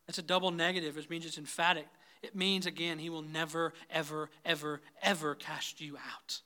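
A man preaching a sermon as pastor, swinging between loud, rising intensity and soft, low pleading, often calling the congregation "guys". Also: little pitch movement, normal speed. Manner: repeatedly addresses the congregation as "guys".

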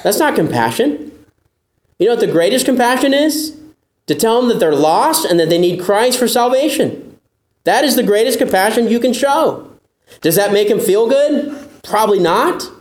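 A man preaching a sermon as pastor, earnest and emphatic, sometimes acting out doubting listeners in a higher voice. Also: big pitch swings, normal speed, long pauses, roomy sound.

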